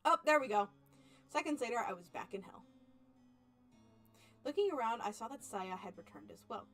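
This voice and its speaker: A young woman streamer reading an otome game aloud and chatting with viewers, animated, laughing often and playfully mock-angry. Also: on the high side, normal speed, soft background music. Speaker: VTuber streamer.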